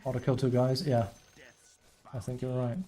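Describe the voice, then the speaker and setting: In a mellow, flat, medium-pitched voice at normal speed, a man streams a team game with running commentary. He often complains in frustration about a teammate and sometimes murmurs under his breath.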